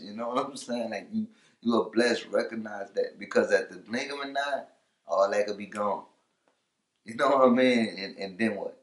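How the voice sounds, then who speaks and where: A man with a low-leaning voice, a rapper, gives a laid-back, casual interview full of "you know" and "for real," getting loud whenever he's fired up. The audio is reverberant.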